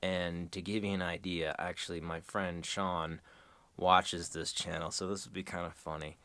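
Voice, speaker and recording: Low-voiced man rambling casually, dry sound. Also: level tone, moderate pace, bright, forceful tone, no room sound. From United States. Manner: meandering, chuckling, crude asides. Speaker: host.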